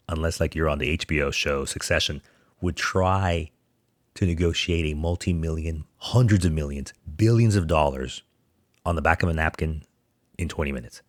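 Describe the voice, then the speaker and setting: A man's voice: a bass voice, moderate pace, dry recording, studio quality. A man hosting a podcast, ranting about sports news with sarcastic disbelief. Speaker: podcast host. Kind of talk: casual sports commentary monologue.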